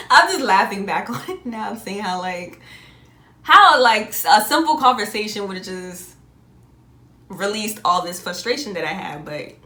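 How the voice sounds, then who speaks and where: A young adult woman telling a personal story in a casual, animated way, often laughing and jumping up high on exclamations. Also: reverberant. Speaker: vlogger.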